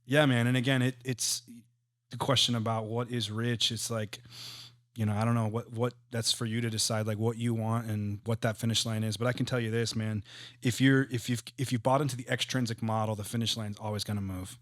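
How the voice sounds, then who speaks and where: A man's voice: medium pitch, level tone, fairly quick, dry recording, clean studio sound. Earnest man giving advice on a podcast. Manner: earnest, reflective, says "man" and "like" often. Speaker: guest, real estate entrepreneur. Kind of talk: casual podcast conversation.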